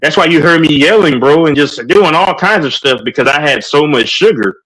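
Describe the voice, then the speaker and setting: A man's voice: a little high, animated, brisk, fairly bright tone, low-quality recording. A man with a Texan accent, hosting a live stream in hyper, rambling casual chat while on a sugar rush. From Texas. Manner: hyper and rambling, with many fillers.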